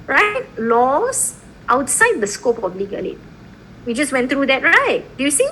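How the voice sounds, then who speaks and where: A woman lecturing a law class, her voice sitting a little high and swinging widely in pitch. She keeps tossing in quick checks with her students as she explains. A faint hiss sits under the recording. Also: low-quality recording. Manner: lively, repeatedly checking in with "okay?" and "right?".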